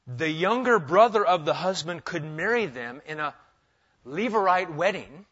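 A man's voice: high voice, sharp tone, muffled recording. A man preaching an expository sermon in a conversational way, with joking asides. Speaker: pastor.

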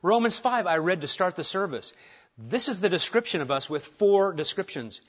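A man preaching a sermon to his congregation, conversational and self-deprecating, moving from quiet asides to emphatic points. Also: high voice, sing-song, normal speed, muffled recording. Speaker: pastor. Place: church sanctuary.

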